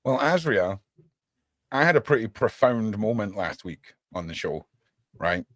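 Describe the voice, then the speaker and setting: Man, livestream host, chatty and animated, dry close sound. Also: on the low side, measured pace, no echo. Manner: animated, chatty, says "right?" often. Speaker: podcast host. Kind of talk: casual livestream chat.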